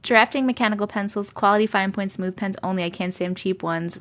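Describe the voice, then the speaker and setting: A woman's voice: mid-range voice, fairly quick, few pauses. A woman from Long Island with a New York accent, hosting a rambling, chatty live stream and laughing often. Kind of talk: casual live-stream chat.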